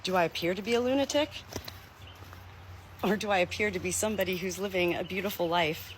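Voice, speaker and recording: A woman chats casually while tending her hens, talking to a phone livestream outdoors, and laughs easily. The phone audio sounds open and outdoor. Chickens and roosters are clearly audible behind her. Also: fairly low pitch, a little fast, slight background noise. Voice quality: chatty, laughs often. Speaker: backyard chicken keeper. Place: outdoors at a farm chicken coop.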